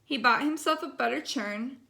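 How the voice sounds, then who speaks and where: A woman reading a bedtime story aloud, gentle and expressive. Her voice sits high and sounds bright and clear. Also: moderate pace.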